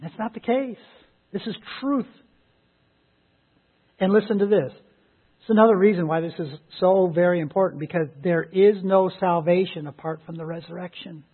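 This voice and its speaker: A man preaching an Easter sermon, emphatic and animated, who laughs as he retells stories. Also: sits high, normal speed, long pauses, husky. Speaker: pastor. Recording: phone-like lo-fi sound.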